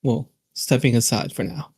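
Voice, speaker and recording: Male player, husky voice, mellow tone, curt, evasive role-play. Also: medium pitch, lively intonation, normal speed, dry recording. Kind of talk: in-character tabletop role-play.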